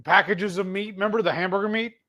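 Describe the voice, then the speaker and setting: A man's voice: high-pitched, fairly even intonation, quick pace, pushed and bright. A man co-hosting a live cooking stream, bantering in a laid-back, teasing way. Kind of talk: casual live cook-along chat.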